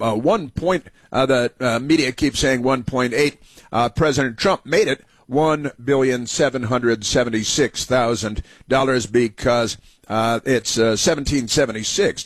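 A man's voice: mid-range voice, moderate pace, dry recording. A man hosting a political talk radio show, rambling with many fillers and restarts.

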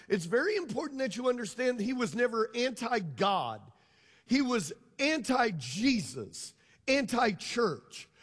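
A man's voice: extremely high pitch, slightly rough, big-room sound. A pastor preaching a sermon to his congregation, emphatic and drawing them into call and response. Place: church hall.

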